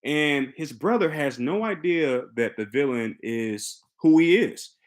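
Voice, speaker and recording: A young man with a slightly high voice retells a film's plot in a casual, excitable way. He trips over his words and starts sentences again as he goes, then drops into the characters' lines to act them out. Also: measured pace. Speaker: film reviewer recapping a movie. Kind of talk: casual spoken movie recap.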